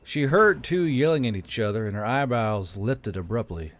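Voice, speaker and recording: A man narrating a war fantasy story in a steady, measured reading voice. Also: medium pitch. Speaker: audiobook narrator.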